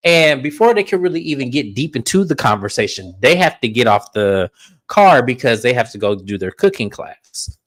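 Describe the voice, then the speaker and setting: A man of average pitch co-hosting a laid-back recap show. He retells scenes with lively storytelling energy. He slips into other people's voices as he quotes them. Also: moderate pace. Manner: animated storytelling, acts out quotes. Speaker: co-host. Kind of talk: casual reality TV recap.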